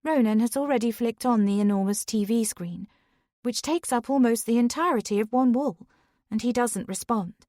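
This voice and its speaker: A woman narrating a thriller audiobook in the first person, in a steady, conversational reading voice. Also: a little high, moderate pace, no echo, studio quality.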